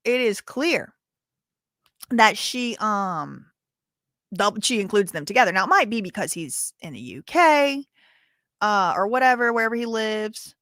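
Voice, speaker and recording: Lady on a livestream, bright voice, dry close sound, sassy and blunt. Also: mid-range voice, very animated, normal speed, no echo. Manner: sassy, blunt, talks straight to chat. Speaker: livestream host. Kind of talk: casual livestream commentary.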